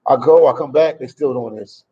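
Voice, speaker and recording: A man's voice: mid-range voice, brisk, breathy edge, dull audio. A man from Memphis, chatting casually on a travel livestream from a café and answering viewer comments. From Memphis, USA. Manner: loose and talkative, reads and answers viewer comments. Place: a café in El Salvador.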